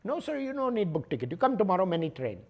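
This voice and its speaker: A man's voice: high-pitched, big pitch swings, fast, voice pushed up, full character voice. Man putting on a stubborn ticket clerk. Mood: insistent. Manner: broken English, repeating phrases, brushing off requests. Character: polite stubborn male railway ticket clerk.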